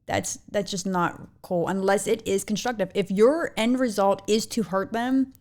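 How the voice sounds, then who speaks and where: A middle-aged woman on a casual podcast with a plain voice at an ordinary middle pitch. She backs up her co-host and often chimes in with agreement. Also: steady tone, normal speed, a little mellow. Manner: supportive, chiming in with agreement. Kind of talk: casual chat.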